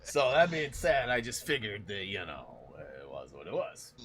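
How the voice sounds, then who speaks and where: A man's voice: lowish voice, wildly swooping pitch, normal speed, crowd noise. A man hosting a gaming stream, chatting casually and rambling through long stories with frequent laughs. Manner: rambling storyteller, laughs often. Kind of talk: casual chat while gaming.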